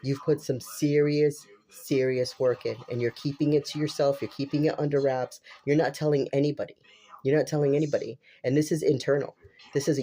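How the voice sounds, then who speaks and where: A man with a stuffy, congested nose reads tarot cards in a casual, chatty way, repeating lines and dropping the odd curse. His voice has a mellow, warm tone at a middle pitch. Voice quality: unusual voice. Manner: repetitive, exclamatory, casual swearing. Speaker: tarot reader.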